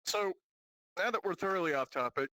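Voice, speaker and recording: Bright-voiced man hosting casual banter. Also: high voice, expressive, fairly quick, no echo, poor audio. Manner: rambling, swears freely, laughs often. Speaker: podcast host. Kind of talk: casual group banter about VR.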